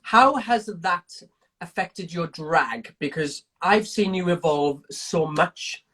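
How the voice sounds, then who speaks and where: A man's voice: high voice, slow pace, bright, forceful tone, husky. A middle-aged man co-hosting a live video chat, teasing and emotional as he asks questions. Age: older than the guest, middle-aged. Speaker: co-host asking questions. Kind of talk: casual chat on a live stream. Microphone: phone on a video call.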